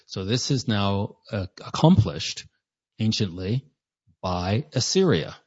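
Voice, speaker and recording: A man's voice: lowish voice, expressive, takes it slowly, darkish tone, breathy edge. A man teaching a sermon, reading scripture and retelling it in everyday words with conversational asides. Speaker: preacher. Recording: dull lo-fi sound.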